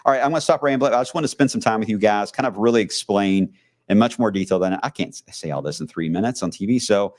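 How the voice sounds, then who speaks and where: A man's voice: fairly low pitch, fast talker, a little mellow. A man with a Southern country accent, a TV meteorologist chatting casually on a weather livestream, mumbling and rambling with lots of fillers.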